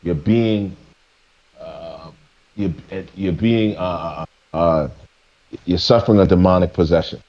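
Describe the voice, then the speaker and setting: A man's voice: sits low, slow pace, long pauses, dull audio. A man streaming live, ranting preachily to his chat, stumbling and restarting as he presses his points. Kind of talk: casual rant to a live chat.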